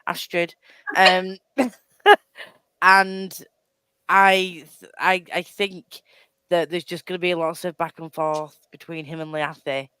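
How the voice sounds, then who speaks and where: A woman's voice: fairly low pitch, flat delivery, takes it slowly, long pauses, sharp tone, clean tone, no echo. A woman chatting casually about a book on a live show, rambling with many restarts and self-deprecating laughs. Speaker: book club co-host.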